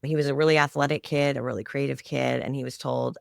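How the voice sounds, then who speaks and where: A woman's voice: a bass voice, steady tone, quick pace, vocal fry, no echo. A middle-aged woman, a guest on a podcast, telling a family story in a heartfelt, emotional way. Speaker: guest, founder of a children's music project. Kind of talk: conversational storytelling interview.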